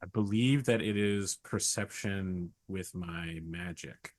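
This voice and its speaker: A man's voice: low voice, takes it slowly, no echo. A man playing a tabletop game, tossing in playful jokes between moves. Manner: joking, playful asides. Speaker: player.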